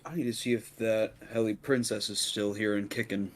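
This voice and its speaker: A man with a low voice playing a tabletop game, speaking calmly and measured in character. His delivery is plain and even, with nothing put on. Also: slight background noise. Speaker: player. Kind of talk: in-character tabletop role-play.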